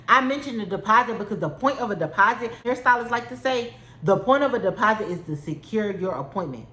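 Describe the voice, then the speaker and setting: A woman's voice: medium pitch, expressive, a little fast, sharp tone. Young woman, storytime vlogger, heated and profane, repeats lines for emphasis, roomy echo. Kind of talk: storytime vlog.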